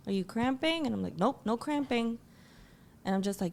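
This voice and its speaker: A woman guest telling an emotional personal story, acting out what people said with lively quoted voices. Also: moderate pace, slight background noise. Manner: animated, acts out quotes in a higher voice.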